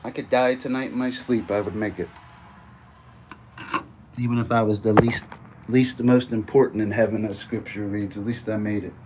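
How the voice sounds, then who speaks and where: A man's voice: fairly low pitch, steady tone, moderate pace, pauses often, a little mellow, slight background noise. A man livestreaming in a casual, boastful, preachy way, quoting scripture at length.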